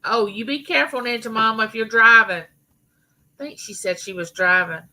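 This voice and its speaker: This channel host, a middle-aged Southern woman from Mississippi, chats casually on a live stream and calls out viewers by name. Her slightly high voice is bright and forceful at normal speed, and the recording quality is rough.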